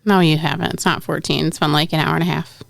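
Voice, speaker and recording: A woman's voice: sits low, little pitch movement, fast, gravelly, dry recording, studio quality. A woman co-hosting a podcast, chiming in with brief, supportive interjections. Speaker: podcast co-host. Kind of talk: casual chat, short replies.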